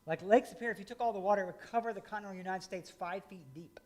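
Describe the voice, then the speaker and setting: Middle-aged pastor guy from indiana, kinda high voice, chatty folksy sermon style. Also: racing, darkish tone. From rural Indiana. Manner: conversational, folksy with asides.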